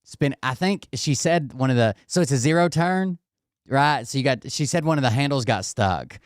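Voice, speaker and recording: A man in the middle of an animated, expletive-laden story, talking straight at the camera in a plain, unremarkable register. His voice sits close and dry, with no room sound around it. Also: mid-range voice, moderate pace, no room sound. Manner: animated and heavily profane, with laughter. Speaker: vlogger telling a home story. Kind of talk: casual storytelling.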